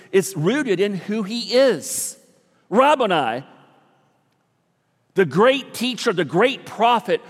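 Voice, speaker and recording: Man, pastor, sermon, slightly high voice, long reverb, dynamic preaching. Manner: dynamic preaching, swings between soft and loud.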